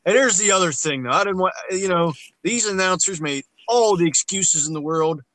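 A man's voice: sits high, lively intonation, moderate pace, a bit bright, a little hiss or hum, rough recording. A man co-hosting a casual sports podcast, ranting bluntly about college basketball and swearing freely. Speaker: podcast co-host.

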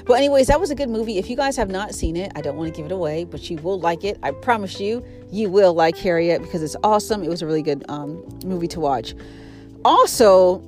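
Chatty young American woman, lowish voice. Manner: chatty, many fillers, animated swings in pitch. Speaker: podcast host. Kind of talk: casual chat.

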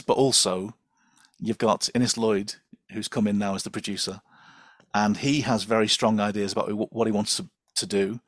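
A man's voice: on the low side, fairly even intonation, moderate pace, no room sound. A man speaking as a guest expert in a casual podcast chat, chatty and enthusiastic, with lots of fillers and laughter.

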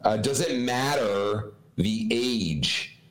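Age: adult. Sex: man. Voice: lowish, earnest and explanatory, repeats himself for emphasis. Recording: roomy, echoey room. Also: drawn-out words, a bit bright. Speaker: podcast co-host, educator. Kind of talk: casual chat giving parenting advice.

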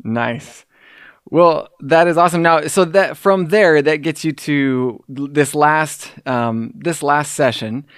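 A male podcast host with a slightly high voice leads a casual interview. He is upbeat and throws in playful quips. His voice is recorded close and dry. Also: takes it slowly, a bit bright, smooth, dry recording.

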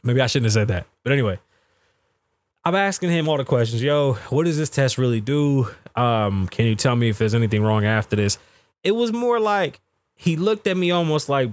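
A man in his thirties hosting a podcast, telling a story in a profane, animated way and acting out the people he quotes. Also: medium pitch, a little fast, no echo. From United States. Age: 30s. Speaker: podcast host. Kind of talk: casual storytelling monologue. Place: podcast studio.

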